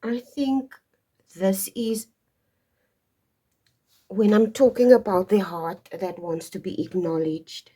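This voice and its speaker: A woman's voice: medium pitch, steady tone, slow, pauses often, mellow, slightly rough. A woman giving a casual tarot and astrology reading to her viewers, wandering off topic and stopping to stress her points. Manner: digressive, emphatic, stops to stress points. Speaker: tarot reader.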